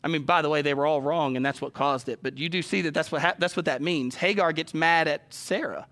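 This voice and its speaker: A man's voice: fairly high pitch, brisk, fairly bright tone. A man preaching a sermon, telling stories and addressing the congregation directly. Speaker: pastor.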